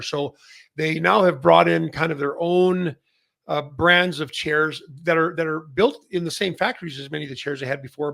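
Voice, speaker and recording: A middle-aged man from Canada talks through a casual industry update in a husky, deeply gravelly voice that sits a touch high for a man. He rambles along with plenty of fillers and restarts. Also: a bit bright. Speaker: massage chair retailer and show host.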